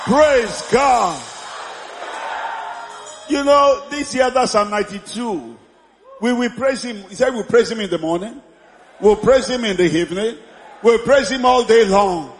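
Shouting pastor, high voice. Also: male voice. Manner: exuberant, often shouting and laughing, drawn-out praise calls. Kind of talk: sermon. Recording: echoey hall with congregation noise.

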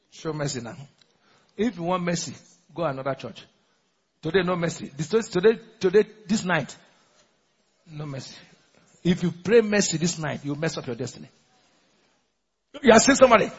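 A man's voice: a little high, slightly rough. A man, preaching a sermon as pastor, asking the congregation questions and laughing often. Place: large church hall. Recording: muffled recording in a large echoing church hall.

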